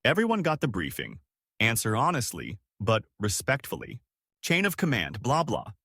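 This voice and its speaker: A man reading scripted stories aloud as a narrator, with a lively, dramatic storytelling delivery. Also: mid-range voice, moderate pace, breathy edge, no echo, clean studio sound.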